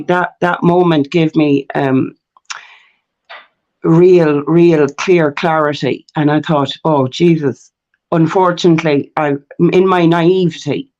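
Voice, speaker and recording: A woman from Mayo with an Irish accent, telling her story as a podcast guest, animated and swearing freely. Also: low voice. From Ireland. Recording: dull lo-fi sound.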